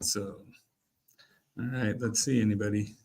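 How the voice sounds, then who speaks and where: A man hosting a sales show, chatting casually and agreeing readily, often trailing off softly. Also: on the low side, fairly even intonation, unhurried, vocal fry. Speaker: show host. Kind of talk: casual chat.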